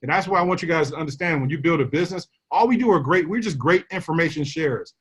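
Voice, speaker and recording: A man telling a team a lively business story, acting out the voices of the people he quotes. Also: fairly high pitch, fast talker, breathy edge. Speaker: network marketing leader.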